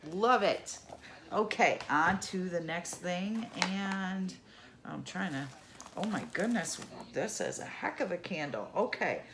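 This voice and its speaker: Middle-aged female vlogger, slow unhurried unboxing chat, slightly low pitch, enthusiastic asides. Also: lively intonation, noisy background. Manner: chatty, exclaims over items, laughs at own mispronunciation.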